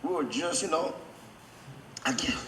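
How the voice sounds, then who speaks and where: A man giving a best man's toast, choked up and holding back tears, halting with many fillers and restarts. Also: fairly high pitch, animated, fairly bright tone. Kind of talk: wedding toast. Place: wedding reception hall. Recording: echoey reception hall with faint background noise.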